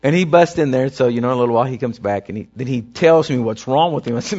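A man's voice: mid-range voice, quick pace, few pauses, a little mellow. A man preaching a sermon, telling a story in a folksy, rambling way. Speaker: pastor. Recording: dull lo-fi recording.

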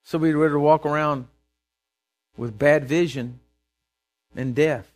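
A man's voice: fairly high pitch, takes it slowly. A pastor preaching a sermon from a church pulpit in plain, folksy words, acting out the voices of the people he describes. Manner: animated, acts out voices of people he quotes.

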